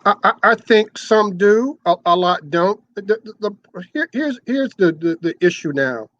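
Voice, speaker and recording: A man's voice: high-pitched, lively intonation, a little slow, fairly bright tone, dry recording, lo-fi sound. An older man talking as an interview guest about his long radio career, explaining at length and often repeating words as he restarts. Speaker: interview guest, former radio sales manager. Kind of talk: conversational interview.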